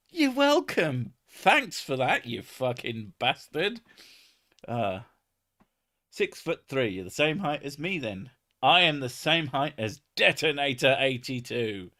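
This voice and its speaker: A man's voice: mid-range voice, a bit bright. An English man chatting casually on a live stream, swearing often and laughing as he rambles. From England.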